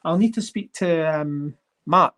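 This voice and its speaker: A host chatting casually on a livestream while sorting coins, rambling and getting excited over finds. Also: medium pitch, a little slow. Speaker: coin collecting channel host.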